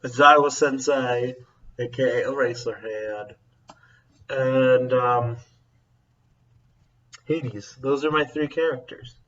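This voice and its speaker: A man's voice: mid-range voice, steady tone, slow, long pauses, a bit bright, far from the mic, highs cut off. A man who works as a teacher, chatting casually to camera, rambling and often breaking off to correct himself. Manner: rambling, self-interrupting, chuckling. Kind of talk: casual vlog chat.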